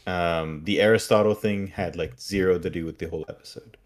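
A man's voice: low voice, steady tone, a little fast. A man co-hosting a podcast in casual chat, giving wry, critical commentary. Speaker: podcast co-host.

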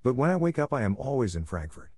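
A man voicing a timid, homesick little girl who speaks softly. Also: mid-range voice, sing-song, fast talker, breathy edge, no room sound, clean studio sound, pitched above the performer's own voice. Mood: wistful. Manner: soft, timid.

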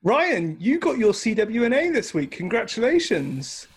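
Joking British podcast host. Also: male voice, high voice, sing-song, normal speed, husky. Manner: jokey, laughs often, teasing. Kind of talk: casual chat among friends.

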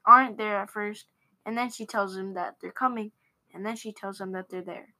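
A young woman co-hosting a podcast, adding short unhurried remarks while recapping an episode. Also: mid-range voice, fairly even intonation, bright, forceful tone. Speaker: podcast co-host. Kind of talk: casual recap chat.

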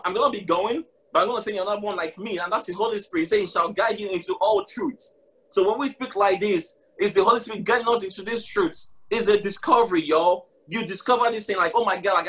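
A man's voice: high-pitched, sharp tone, husky. A man preaching with passion on a live broadcast, repeating his key phrases and calling out to listeners with "y'all.".

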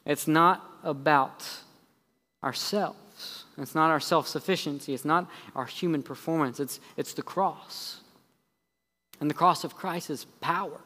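A pastor preaches a sermon in a church sanctuary, his somewhat higher-than-average male voice fairly bright and echoing with long hall reverb. Heavy with sarcasm, he rattles off mocking lists and quick repeated phrases, then slows down and lowers his voice for the key points.

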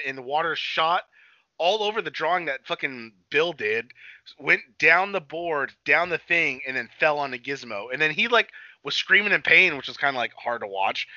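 A man's voice: fairly high pitch, normal speed, no echo, lo-fi sound. A man co-hosting a casual podcast about a movie, swearing freely and acting out lines from scenes. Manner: animated, swearing, acts out quotes. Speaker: podcast co-host.

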